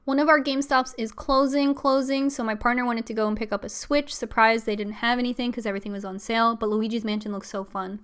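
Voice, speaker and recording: A woman's voice: on the high side, level tone, fast, hardly any pauses, a bit bright, clean tone. A young adult woman hosting a casual live stream, chatting in a rambling way with fillers and small laughs. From Pennsylvania, US.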